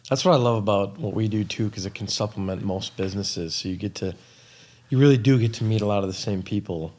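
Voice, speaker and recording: A young adult man hosting a podcast, telling a story in a chatty, excitable way with lots of fillers. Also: on the low side, fast. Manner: chatty and excitable, heavy use of "like" and "um". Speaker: podcast host. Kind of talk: casual storytelling chat.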